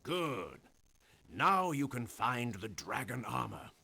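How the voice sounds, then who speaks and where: This is a grave male mage from an adventure game, speaking slowly and deliberately. His voice is gravelly yet bright, and his pitch rises and falls widely. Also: wildly swooping pitch, heavily acted. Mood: solemn. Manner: slow, grave, instructive. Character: solemn male mage guiding a young knight. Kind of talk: 1990s adventure game voice acting.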